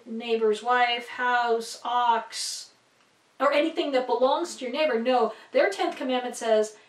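A woman teaching about the Bible in a casual, rambling way, full of fillers and asides. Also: sits high. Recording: echoey room, distant from mic.

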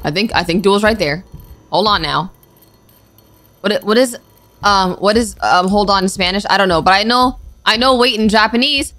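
A young woman giving casual, excitable commentary as she plays a game, full of exclamations and slang. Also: medium pitch, normal speed. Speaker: gaming YouTuber. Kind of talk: casual let's-play commentary.

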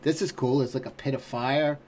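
A man's voice: medium pitch, steady tone, fairly quick, heavy background noise. Exasperated man ranting with heavy swearing. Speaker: trailer reaction host. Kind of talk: profane ranting commentary.

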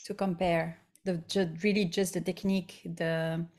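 A woman's voice: fairly low pitch, little pitch movement, unhurried, a little mellow, a little hiss or hum. A Belgian woman hosting an online interview, answering with brief, encouraging replies and short follow-up questions. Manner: brief encouraging responses, engaged listener. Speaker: interviewer and host. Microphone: video call.

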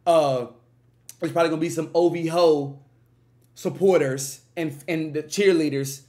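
A man hosting a music reaction from his room at home, excitable and crude, breaking into loud bursts and laughter. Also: a little high, measured pace. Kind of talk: animated reaction commentary.

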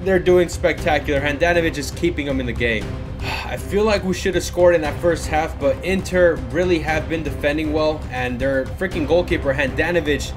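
A young man commenting live on his own football video game match, excitable, with frustrated outbursts and shouts at big moments. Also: fairly high pitch, normal speed, over music. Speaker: gaming YouTuber.

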